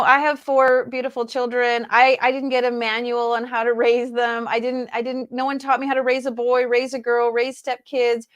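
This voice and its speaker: A woman in her forties hosting a casual interview chat, enthusiastic and affirming. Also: high voice. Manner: enthusiastic, affirming, lively storytelling. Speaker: host.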